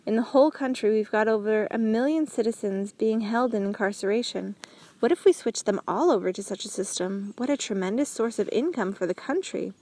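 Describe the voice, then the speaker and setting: A woman's voice: medium pitch, brisk, warm tone, natural voice. A woman voicing a proud male prison warden in an audiobook, explaining things in a matter-of-fact way. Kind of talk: audiobook character reading.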